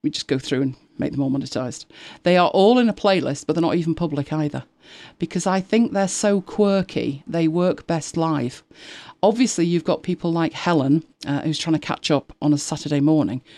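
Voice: medium pitch, brisk, a little mellow, dry recording. A host of a tech live show chatting casually, rambling with frequent restarts and exasperated asides. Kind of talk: casual chat.

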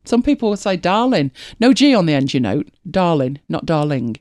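Co-host, middle-aged woman; animated, laughs easily, very expressive pitch. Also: a little fast, no room sound, studio quality. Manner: chatty, laughs often, animated storytelling. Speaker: podcast co-host. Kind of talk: casual chat.

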